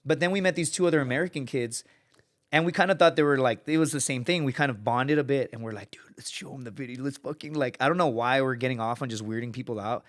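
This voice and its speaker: This is casual storytelling from a thirtysomething man appearing as a podcast guest. He speaks quickly in a mid-range voice, swears freely, and performs the voices of the people in his lively tales.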